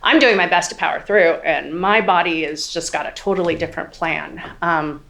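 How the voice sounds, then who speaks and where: A woman in her forties testifies from the witness stand in a courtroom. Her voice sits low with a gravelly fry, and she talks haltingly with many ums, close to tears. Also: fairly bright tone. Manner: hesitant, many ums, quotes others. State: near tears. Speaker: trial witness.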